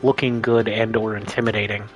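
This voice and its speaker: A man with a fairly low voice talks through a video game in casual commentary. He rambles and explains his choices as he thinks aloud, with faint music playing underneath. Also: level tone, brisk. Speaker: let's play host.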